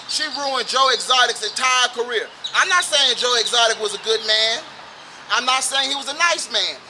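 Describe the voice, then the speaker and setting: A man doing a loud, profane comedic rant outdoors, as host of his own show. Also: extremely high pitch. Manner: loud, profane, animated ranting. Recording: outdoor noise with birds and traffic.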